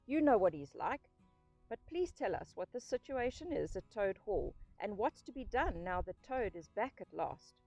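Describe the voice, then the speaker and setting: A level-headed water rat speaks calmly and reasonably, as a woman reader voices him. His tone stays measured, with lively inflection. Soft music sits beneath the storybook reading. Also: medium pitch, poor audio. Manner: calm, reasoning, cautious.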